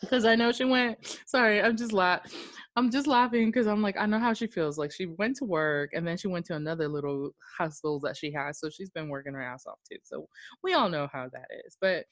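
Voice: medium pitch, fairly quick, no room sound, clean studio sound. A podcast host chatting casually, rambling with lots of filler words and frequent laughter. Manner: rambling and animated, many "like" fillers; laughs often. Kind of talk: casual chat.

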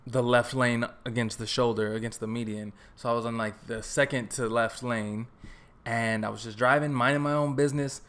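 A young man from Texas hosting a solo podcast, telling a story in a relaxed, joking, rambling way with lots of fillers. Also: mid-range voice, normal speed. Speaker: podcast host. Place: his apartment.

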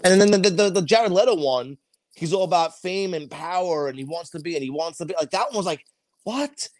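Profane, animated man in casual chat. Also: high voice, fast talker. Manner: profane, animated, acts out quotes in shouted voices.

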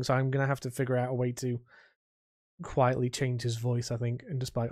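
A man's voice: medium pitch, fairly even intonation, darkish tone, no echo. Rambling man on a dry podcast mic. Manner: rambling, halting, with frequent restarts and laughs. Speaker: podcast co-host. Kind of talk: casual chat.

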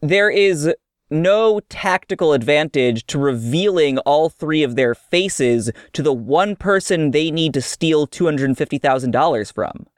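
A co-host in a casual film chat, speaking in a dry, incredulous, deadpan way. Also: mid-range voice, unhurried, no echo. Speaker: podcast co-host.

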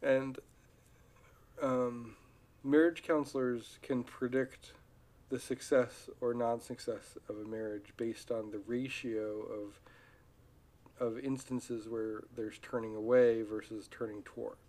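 This podcast host speaks at a slow pace in a mid-range voice. Talking casually on his solo show, he rambles in a relaxed, loose way and keeps restarting his sentences.

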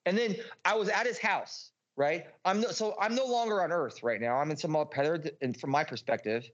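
A man's voice: on the high side, normal speed, highs cut off. Raised-voiced man telling a rambling story. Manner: profane, restless, restarts often. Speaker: podcast guest.

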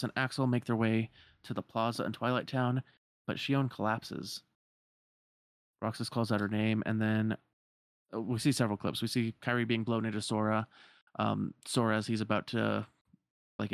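A man's voice: fairly low pitch, no room sound, studio quality. A man narrating a video game story in plain, casual storytelling with a few fillers.

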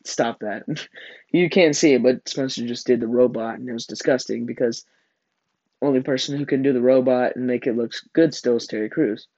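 A man's voice: mid-range voice, fairly even intonation, normal speed, warm tone, no echo, lo-fi sound. A teenage boy hosting a casual podcast with a friend, rambling and joking with frequent laughs. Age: teens. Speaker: podcast host.

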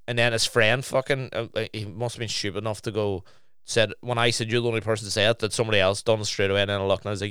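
A young man tells stories in a lively, sweary way on a casual podcast. His voice is smooth and clear at a middling pitch. The sound is dry, with almost no room echo. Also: fast talker. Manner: swears a lot, animated storytelling. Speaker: podcast co-host. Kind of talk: casual chat.

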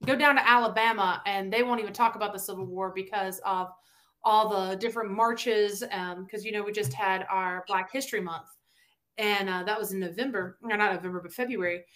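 On a casual podcast interview, a Southern-accented woman from Tennessee chats as a guest, an animated storyteller who acts out the quotes she relays. Her voice is mid-range and brisk.

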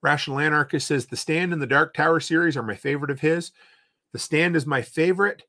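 A man's voice: a little high, fast talker, bright, forceful tone. A man with an Eastern Canadian accent, hosting a casual livestream and reading viewer comments aloud with rambling reactions. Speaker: podcast host.

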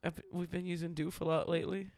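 A woman's voice: on the low side, flat delivery, fast talker, darkish tone, no echo. A young woman in casual chat, explaining at length and laughing often.

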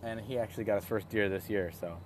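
A young man with a fairly low voice tells a story in a loose, excitable way, stumbling over restarts and fillers as he goes. He is recorded outdoors, with faint traffic and vehicle noise in the background. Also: quick pace. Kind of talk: casual storytelling.

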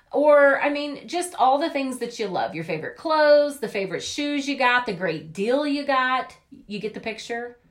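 A woman giving an upbeat, chatty motivational talk about network marketing, often acting out quoted voices. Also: on the high side.

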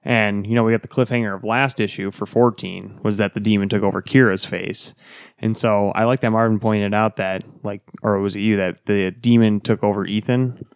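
A relaxed man chatting on a podcast with a fairly low voice. The sound is close and dry, with no room around it. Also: normal speed, gravelly, clean tone, no room sound. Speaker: podcast co-host. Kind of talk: casual comic book chat.

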